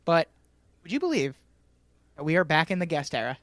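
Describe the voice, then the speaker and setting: A man hosting a podcast, animated and jokey in casual chat. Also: a little high, brisk, dry recording, studio quality. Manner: animated, jokey, laughs often. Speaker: podcast host.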